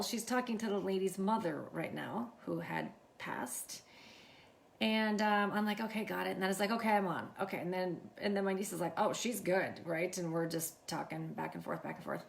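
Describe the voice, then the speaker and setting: A woman hosting a livestream, telling a story to her viewers in a casual, animated way, acting out the dialogue and calling out to them often. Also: medium pitch, quick pace, vocal fry. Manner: animated, acts out quoted dialogue, keeps addressing viewers. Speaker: livestream host.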